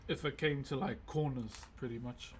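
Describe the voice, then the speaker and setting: A man's voice: medium pitch, fairly even intonation, moderate pace, a little hiss or hum. A man who carves wood on a live stream, chatting in a laid-back way and calling viewers "bro". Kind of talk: casual live-stream chat.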